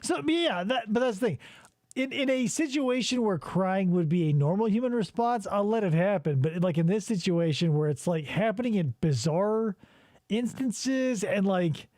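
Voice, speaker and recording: Sardonic male podcaster, high voice, dry close sound. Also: expressive, moderate pace, a little mellow, no room sound. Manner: profane, rambling, sardonic. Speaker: podcast host. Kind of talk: casual chat.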